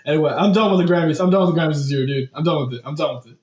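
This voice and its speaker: A young man co-hosting a podcast, chatting casually about music news, animated and exasperated with lots of fillers. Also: on the high side, very fast. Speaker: podcast co-host. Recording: echoey room, dull lo-fi mic.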